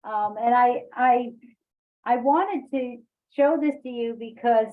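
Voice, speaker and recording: Woman running a poetry class, keeps restarting, highish voice, tinny call sound. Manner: halting, many fillers and restarts, laughs often. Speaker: workshop leader. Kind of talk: online poetry workshop discussion.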